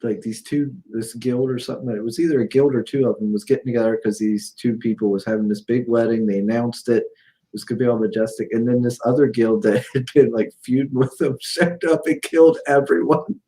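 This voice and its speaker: A man's voice: fairly quick, poor audio. A man co-hosting a casual livestream, telling stories animatedly and laughing often. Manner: animated storyteller, laughs often, jumps up in pitch when amused. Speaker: stream co-host.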